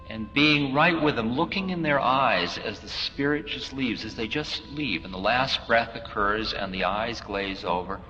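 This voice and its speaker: A man's voice: medium pitch, sharp tone. A man giving a recorded spiritual talk as a teacher, musing and playful, acting out little scenes as he goes. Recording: dull, echoey hall recording with faint hiss.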